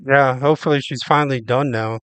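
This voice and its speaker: A man's voice: mid-range voice, steady tone, fairly quick, a bit bright, smooth, dry recording. A man commenting bluntly on a video he is watching, swearing and sounding incredulous. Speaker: streamer reacting to a video. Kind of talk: casual reaction commentary.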